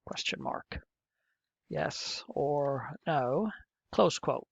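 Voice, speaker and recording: A man's voice: on the high side, expressive, drawn-out words, creaky, dry recording. A middle-aged male teacher walking through a programming lesson step by step, muttering to himself as he types. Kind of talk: screen-recorded coding lesson. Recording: muffled, dull lo-fi mic.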